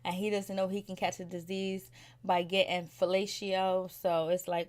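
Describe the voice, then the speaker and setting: A woman's voice: fairly low pitch, little pitch movement, normal speed, darkish tone. Chatty, slangy woman recapping a show. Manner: chatty and opinionated, slangy, many "like"s. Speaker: reality TV recap vlogger. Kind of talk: casual episode recap.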